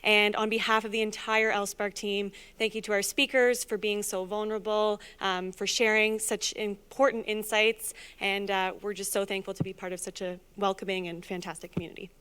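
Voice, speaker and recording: A woman's voice: mid-range voice, little pitch movement, normal speed, few pauses, fairly bright tone, smooth. A woman representing a partner company, giving enthusiastic closing thanks at an event. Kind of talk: closing thank-you remarks.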